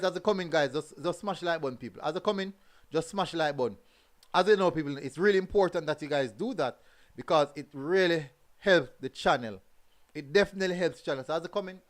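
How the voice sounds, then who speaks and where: A man hosting a casual football review show, often repeating his phrases for emphasis. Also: a little high.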